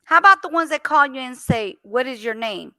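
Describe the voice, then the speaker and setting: Brief: woman, animated storyteller, high and bright. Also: brisk, no echo. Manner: animated storyteller, acts out phone calls. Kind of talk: casual chat.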